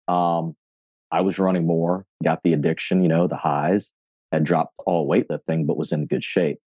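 A gym owner and fitness coach in his forties recounts his story during a podcast interview, speaking in a low voice on a dry recording. He's lively and swears casually, acting out the things people said to him.

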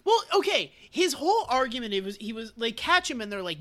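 A woman's voice: a little high, very animated, a little fast, few pauses. A woman co-hosting a casual podcast chat, wryly retelling scenes and acting out the characters' lines. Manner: wry, laughing, acts out characters' lines. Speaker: podcast co-host. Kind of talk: casual chat about a TV episode.

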